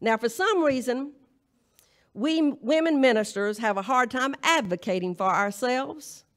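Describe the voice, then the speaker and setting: A woman's voice: a little high, animated, a little slow, fairly bright tone. A woman minister with a Southern US accent, delivering a humorous, emphatic charge to a congregation at a live church service. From Southern United States. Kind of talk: folksy sermon-style charge.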